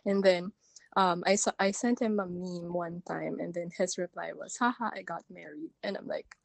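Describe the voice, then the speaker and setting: A woman recounting a hookup story in a relaxed podcast chat. Her voice sits low, and the sound is close and dry, with no room in it. She talks candidly, stopping and restarting often with little fillers. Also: moderate pace, vocal fry, dry recording. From Philippines. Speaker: guest telling a dating story. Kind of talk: casual chat.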